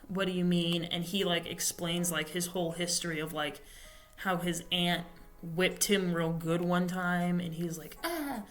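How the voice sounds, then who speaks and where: A young podcast host retells the plot of a novel in a relaxed, rambling way, piling on fillers and correcting herself often. Her voice sits lowish, with a fairly bright tone.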